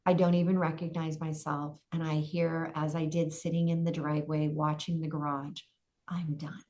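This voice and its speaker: Middle-aged woman, lower voice, dramatic storyteller as podcast guest. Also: flat delivery, moderate pace, darkish tone. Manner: vivid, dramatic storytelling with acted-out inner voices.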